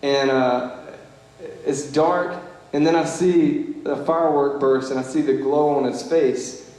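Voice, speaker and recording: A young Young Life leader gives an earnest, conversational storytelling speech at a banquet, peppering his stories with "you know" and "like." His mid-range voice is steady and darkish, delivered at a measured pace. The large banquet hall is very echoey, with long reverb.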